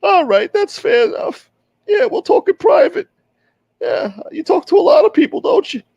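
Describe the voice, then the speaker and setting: A squeaky, cocky tough guy. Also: wildly swooping pitch, normal speed, vocal fry, a little mellow, no echo, muffled recording, full character voice. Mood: mock polite. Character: shrill boastful man calling himself a feared sheriff.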